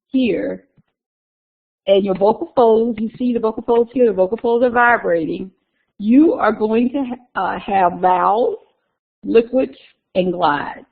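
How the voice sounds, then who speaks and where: A woman teaching a class in an easy, conversational way, going back over key terms and walking through slides as she goes. Her voice has a gravelly edge. The recording sounds thin and tinny, like a phone line. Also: mid-range voice. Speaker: instructor. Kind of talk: recorded lecture.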